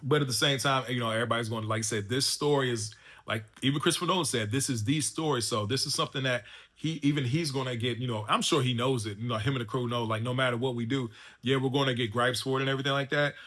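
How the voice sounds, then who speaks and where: A man reviews a film in an easygoing, chatty way, often circling back with fillers and restarts. His voice is bright and forceful and sits at an ordinary middle pitch. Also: quick pace. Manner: loose and chatty, full of fillers and restarts like "man" and "you know what I'm saying". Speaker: movie reviewer and channel host. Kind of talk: casual spoken review.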